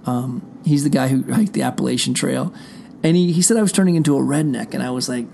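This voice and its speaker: A man's voice: mid-range voice, fast talker, creaky, dark tone, slight background noise. A middle-aged man hosting his show from a room indoors, talking straight to his listeners in a rambling, profane, digressive monologue. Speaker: show host. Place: indoor room behind a closed door.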